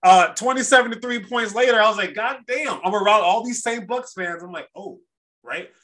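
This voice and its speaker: A man hosting a sports podcast, talking in an animated, rambling way as he recaps games. His voice is bright and forward, sitting a little high for a man. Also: a little fast. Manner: animated, rambling storyteller with restarts. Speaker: podcast host. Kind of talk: casual sports chat.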